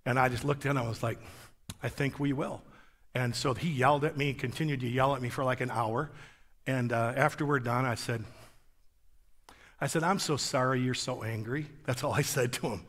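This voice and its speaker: A man's voice: mid-range voice, fairly even intonation, fairly quick, a bit bright, big-room sound. A man preaching as a guest pastor, telling a story in an emphatic, conversational way on a church stage. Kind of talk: sermon.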